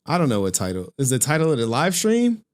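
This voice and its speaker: This streamer's voice has a clean tone and huge pitch swings as he talks at a quick pace. Chatting loosely and rambling with his viewers, he curses freely and complains about his chat.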